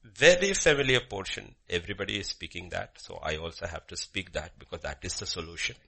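A man preaching a sermon with a personal story, swinging from loud emphasis to hushed murmurs. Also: low-pitched, lively intonation, brisk, creaky, husky. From Bhutan.

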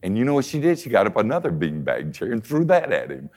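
An older man preaching a conversational sermon, telling folksy stories and swinging from soft asides to emphatic points. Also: lowish voice, huge pitch swings, quick pace.

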